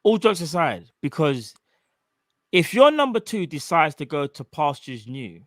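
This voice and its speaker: A man co-hosting a live fan show, talking in a joking, emphatic, animated way. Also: sits high, no echo, studio quality. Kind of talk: casual live-stream chat. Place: home studio.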